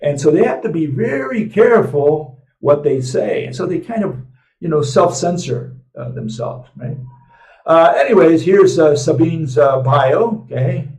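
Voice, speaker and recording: A man's voice: a little high, animated, measured pace, darkish tone, recorded from a distance. A man hosting a casual commentary live stream, rambling with many fillers and restarts, often tagging lines with "right?" or "okay?". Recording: roomy echo, speaking from away from the mic.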